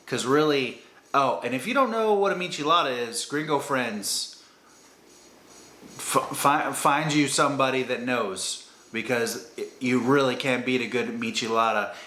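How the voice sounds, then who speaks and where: A man's voice: mid-range voice, a little slow, sharp tone, a little hiss or hum. A man giving a chatty, rambling, upbeat beer-tasting review. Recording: roomy echo.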